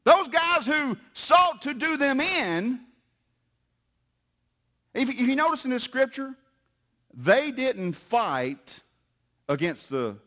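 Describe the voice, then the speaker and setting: A man's voice: extremely high pitch, bright, forceful tone. A man preaching a sermon in a folksy, emphatic way. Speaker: pastor.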